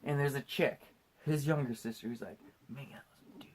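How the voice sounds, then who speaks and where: A tipsy man hosting a podcast, retelling a movie in casual chat and acting out the characters' lines in loud put-on voices. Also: medium pitch, normal speed, a little hiss or hum. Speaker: podcast host.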